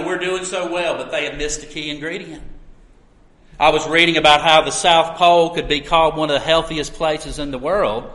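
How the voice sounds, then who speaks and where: Middle-aged male pastor, bright, forceful voice, earnest sermon in an echoey sanctuary. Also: high voice. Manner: earnest preaching that swings from loud emphasis to quiet asides.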